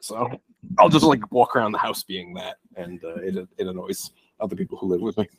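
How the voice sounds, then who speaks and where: Young guy podcast cohost, kinda low voice, rambly, restarts a lot, swears now and then. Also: fairly quick, husky, no echo. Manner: rambling, self-interrupting, profane asides. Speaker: podcast co-host. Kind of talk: casual film review chat.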